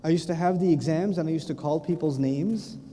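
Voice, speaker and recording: American male lecturer, high voice, mellow tone, lively storyteller acting out voices, hall reverb. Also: a little fast. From United States. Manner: animated storytelling with acted voices and laughter. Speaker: Islamic lecturer. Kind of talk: religious lecture.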